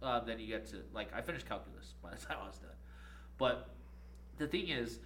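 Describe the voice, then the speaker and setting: A young man on a podcast telling a story in a casual, profane, animated way, laughing often. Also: medium pitch, fairly quick, a little hiss or hum. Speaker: podcast co-host.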